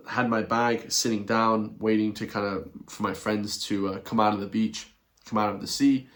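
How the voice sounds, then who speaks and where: A man's voice: lowish voice, a bit bright. A man doing a blunt, repetitive rant in a video commentary, chuckling between his points. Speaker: online commentator.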